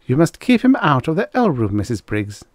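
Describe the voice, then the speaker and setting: A man's voice: medium pitch, wildly swooping pitch, a little fast, a little mellow, dry recording, clean studio sound, pitched above the performer's own voice. A man voicing a prim, severe middle-aged female schoolteacher who speaks icily and precisely. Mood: icy, prim.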